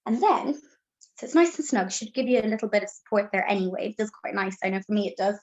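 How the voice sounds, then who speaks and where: A woman's voice: medium pitch, quick pace, a little mellow, highs cut off. A woman, a birth educator, giving a chatty, reassuring live demonstration and showing each step as she talks.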